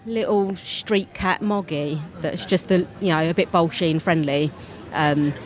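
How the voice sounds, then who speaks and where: A woman's voice: lowish voice, a little slow. Cockney woman, young, worn out and giggly, rambling through an interview. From England. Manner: giggly, scatterbrained and chatty. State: tired. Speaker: guest. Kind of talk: casual interview.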